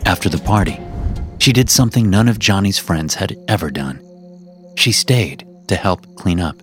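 A man narrating a first-person horror story for his podcast in a steady, measured way. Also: low voice, soft background music.

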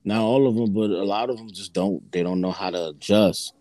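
Laid-back New comedian, slangy, low and dry. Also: male voice, a little fast, warm tone, no room sound. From New York. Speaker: comedian guest. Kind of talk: casual interview chat.

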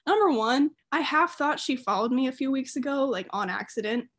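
A woman's voice: high-pitched, brisk. Giggly woman telling a story. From Southern United States. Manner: animated storyteller, laughs often, many fillers. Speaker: podcast co-host. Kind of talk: casual chat.

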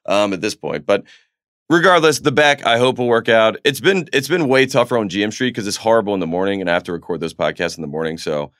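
A man's voice: on the low side, animated, fast, a bit bright, dry recording, clean studio sound. A man co-hosting a podcast in casual chat, laid-back and jokey as he tells stories. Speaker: podcast co-host.

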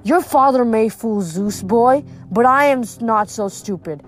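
An imperious male underworld god, as a woman reader puts him on, bellowing and aggrieved, swinging between complaint and threat. The voice sits fairly high for such a lord. Soft music plays underneath. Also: measured pace, natural voice. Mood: menacing.

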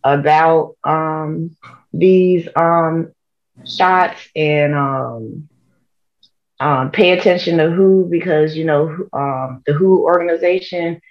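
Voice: medium pitch, slow pace. Person chatting, lots of ums, kinda muffled lo-fi sound. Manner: hesitant, many ums, earnest. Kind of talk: casual chat. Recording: dull lo-fi sound.

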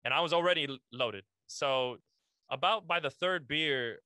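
A man's voice: on the high side, moderate pace, sharp tone, no room sound. A young man, a podcast guest, telling a casual story full of slang and swearing, calling the listener "bro".

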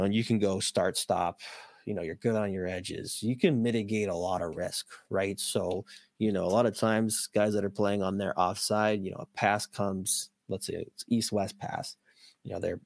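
A hoarse man with a lowish voice is hosting a casual podcast, his throat clearly wearing out. He rambles, swears freely and fills gaps with ums and you-knows. The recording is close and dry, with no room sound. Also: no room sound. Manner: rambling, profane, many ums and restarts. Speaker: podcast host. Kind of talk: casual hockey prospect talk.

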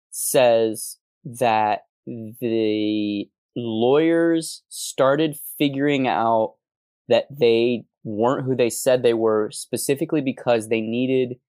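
A man co-hosting a casual podcast, talking in an animated, wordy and analytical way with quick asides. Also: medium pitch, no room sound, studio quality. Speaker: podcast co-host.

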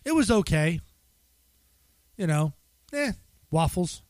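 A man's voice: sits high, very animated, takes it slowly, darkish tone, dry recording. A man co-hosting a podcast in casual chat, teasing and laughing as he tells stories. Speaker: podcast co-host.

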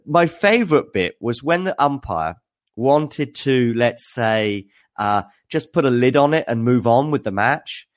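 A man hosting a live tennis news recap, chatting with viewers in a hesitant, filler-heavy way. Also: mid-range voice. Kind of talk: live-stream commentary recap.

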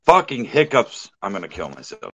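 A man's voice: on the low side, huge pitch swings, normal speed, no room sound, dull audio. A man joining a casual podcast stream as a guest, crude, blunt and joking.

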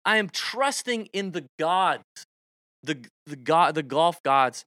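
A man co-hosting a casual podcast, animated, with goofy sound effects and exasperated rants. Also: a little high, slow, no room sound, studio quality. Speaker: podcast co-host. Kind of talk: casual chat about golf picks.

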